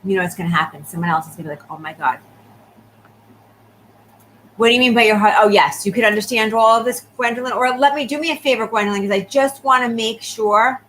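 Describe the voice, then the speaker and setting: A woman giving a live psychic reading, talking quickly and checking in often with the person she reads for. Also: on the high side, a bit bright, a little hiss or hum, poor audio. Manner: rapid, repeatedly checking in with the sitter. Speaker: psychic medium.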